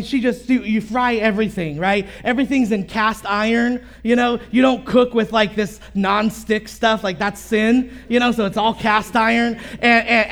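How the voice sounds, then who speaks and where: A man's voice: extremely high pitch, fairly bright tone. A male pastor, preaching a sermon and telling stories with many fillers and restarts.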